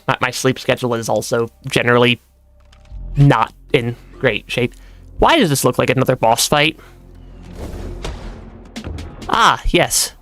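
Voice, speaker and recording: A game streamer giving relaxed let's-play commentary, chatty, laughing often and restarting sentences as they go. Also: mid-range voice. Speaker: gaming streamer.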